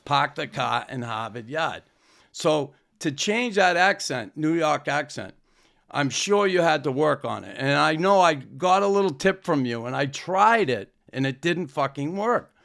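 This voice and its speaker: A man's voice: fairly high pitch, lively intonation, a little slow, creaky, fairly bright tone. A man with a Boston accent, co-hosting a podcast in blunt, swearing casual talk. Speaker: podcast co-host. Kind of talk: casual chat.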